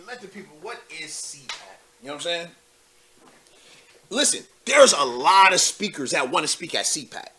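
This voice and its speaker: A man's voice: on the high side, sharp tone. A young man hosting a live call-in show, commenting loosely with lots of fillers and asides to viewers. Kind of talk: casual political commentary.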